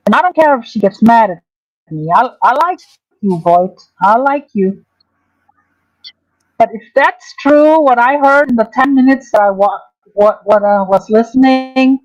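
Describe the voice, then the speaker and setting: A woman hosting a casual livestream, talking in a halting, hesitant way with many restarts. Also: fairly high pitch, darkish tone, no room sound, lo-fi sound.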